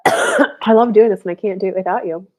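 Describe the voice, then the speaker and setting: A woman's voice: medium pitch, normal speed, darkish tone. A woman hosting a live stream of intuitive readings, chatting casually with many fillers and restarts, short of breath. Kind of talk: casual live-stream chat with channeled messages.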